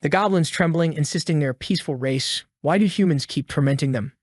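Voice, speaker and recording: A man's voice: a little high, fairly quick, no echo, studio quality. A man narrating a story recap in a casual, slangy storytelling manner.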